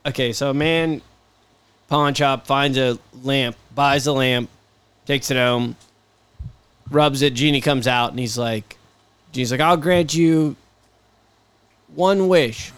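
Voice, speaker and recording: A man's voice: mid-range voice, steady tone, unhurried, long pauses, fairly bright tone, clear, resonant tone. A man casually telling an old joke among friends, rambling with plenty of fillers. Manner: loose, rambling delivery with many fillers.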